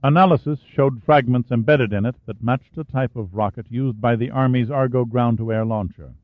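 A man reading a thriller novel aloud as narrator, steady and even. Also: medium pitch, normal speed, dry recording. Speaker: audiobook narrator. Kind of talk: scripted narration. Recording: phone-like narrow band, dry.

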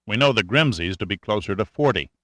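A man's voice: lowish voice, animated, fast, sharp tone, no room sound. A man voicing a cool, sarcastic male adventurer in an audiobook, speaking in a dry, matter-of-fact way. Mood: explaining.

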